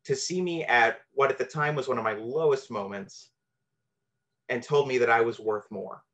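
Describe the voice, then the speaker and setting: A man's voice: medium pitch, normal speed, fairly bright tone. A man telling a true, personal story from his teenage years, earnest and candid with a self-deprecating edge.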